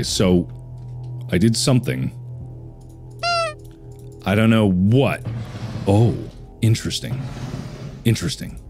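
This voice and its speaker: A man's voice: very deep voice, gravelly. A man hosting a horror game let's play, talking to himself, jumpy and reacting with frantic repeats and swearing. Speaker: gaming channel host.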